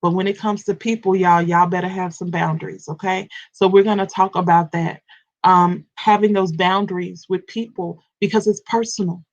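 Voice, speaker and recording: A woman's voice: fairly low pitch, steady tone, moderate pace, muffled recording. A woman coaching and ministering in a live morning devotional, addressing her listeners directly, with repetition and stammered restarts.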